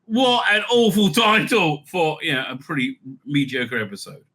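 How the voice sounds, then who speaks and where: A man's voice: a little high, normal speed, slightly rough. A man hosting a review show, giving opinionated commentary full of fillers, restarts and sarcastic asides. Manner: animated, many fillers and restarts.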